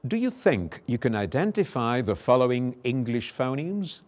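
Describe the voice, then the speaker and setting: A man teaching English pronunciation in a recorded lesson, slowly repeating example words with careful articulation. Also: mid-range voice, sing-song, darkish tone.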